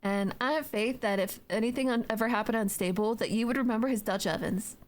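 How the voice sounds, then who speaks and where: A woman's voice: fairly high pitch, brisk. A young adult woman streaming from home, chatting playfully with her chat in a rambling, filler-heavy way between yawns. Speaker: Twitch streamer. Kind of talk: casual live-stream chat, reading chat aloud.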